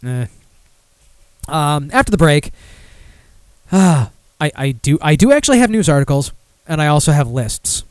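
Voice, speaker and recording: A man's voice: a little high, expressive, moderate pace, pauses often, clean tone, no room sound. A man hosting a podcast alone, rambling sardonically through listener comments with many fillers and restarts. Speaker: podcast host. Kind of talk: casual solo podcast commentary.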